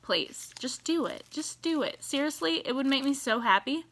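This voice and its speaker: A woman giving casual, animated reaction commentary on a TV episode, exasperated and swearing as she rants. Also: high-pitched, normal speed. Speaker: TV reaction vlogger.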